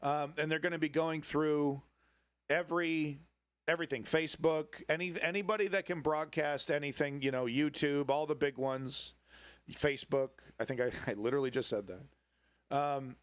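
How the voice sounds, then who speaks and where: A man's voice: fairly high pitch, fairly even intonation, moderate pace, smooth, no echo. A man hosting a casual live-stream news commentary show, rambling and sarcastic, swearing freely and greeting viewers in the chat.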